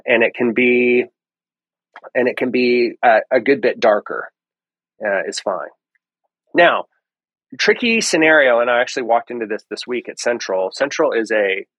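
Guy with a lowish voice walking through lighting tips, lots of ums, dry close mic. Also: dry recording, dull audio. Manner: relaxed explaining, many ums and restarts. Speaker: lighting guest. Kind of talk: casual podcast interview.

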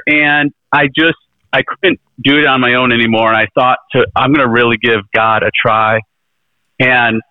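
Over a dry, tinny line that sounds like a phone, a middle-aged presidential candidate speaks as an interview guest. His mid-range voice has no echo as he earnestly rambles through his story with many restarts and fillers.

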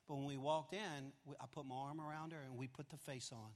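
A man in his fifties preaching a confessional story sermon, animated and swinging from loud to hushed, in a large church auditorium. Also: medium pitch, fairly quick. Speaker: pastor. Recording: long hall reverb.

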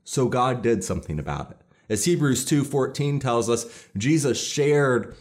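A man's voice: mid-range voice, expressive, moderate pace, darkish tone. A pastor preaching a sermon in an earnest, emphatic way, stressing key lines as he builds his points.

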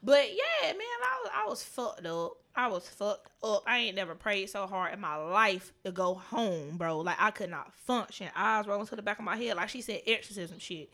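A woman co-hosting a podcast, telling funny stories in an animated, profane way with lots of laughter. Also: medium pitch, normal speed, hardly any pauses. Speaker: podcast co-host. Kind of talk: casual podcast storytelling.

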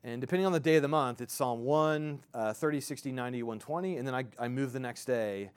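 Thirtysomething pastor preaching casually. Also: male voice, mid-range voice, clean tone. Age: 30s. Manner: conversational, halting, many fillers and restarts. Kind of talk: sermon.

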